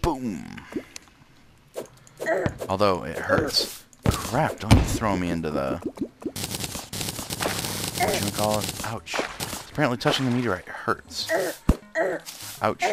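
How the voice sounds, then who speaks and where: A man's voice: sits low, lively intonation, a little slow, pauses often. A man casually commenting on his own gameplay, muttering to himself and breaking into frustrated outbursts. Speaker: let's play gamer. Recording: gameplay with loud game music behind.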